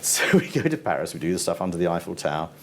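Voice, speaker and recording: Older male TV producer, very deep voice, chatty anecdotal storyteller, faint background noise. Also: very animated, very fast, fairly bright tone. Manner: rambling, laughs often, quotes people in voices. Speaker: TV format producer, interview guest.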